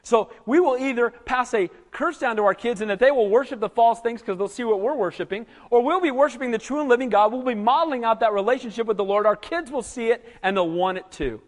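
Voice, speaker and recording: A man with a notably high voice preaches a sermon with animated, conversational energy, often checking in with his listeners. His voice carries a long reverb, as if in a large church sanctuary. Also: quick pace, hardly any pauses. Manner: animated, conversational preaching with frequent "Amen?" calls. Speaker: pastor.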